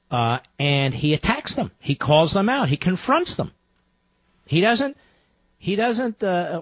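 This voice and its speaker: A man's voice: mid-range voice, no echo. A man hosting a talk radio show and taking calls, combative, sarcastic and emphatic. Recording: dull lo-fi broadcast audio.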